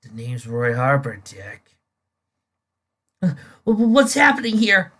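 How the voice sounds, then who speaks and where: A man's voice: mid-range voice, huge pitch swings, slow pace, a bit bright, full character voice. A comic reader voicing a frazzled young man, an anxious office worker who stammers under pressure. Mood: alarmed. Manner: flustered, stammering.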